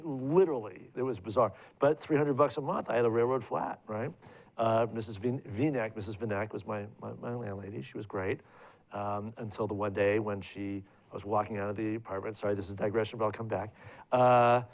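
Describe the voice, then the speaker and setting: Speaking fairly quickly in a mid-range voice, a middle-aged filmmaker tells meandering stories about his career to students at a live event. He keeps restarting and using fillers as he wanders off on tangents.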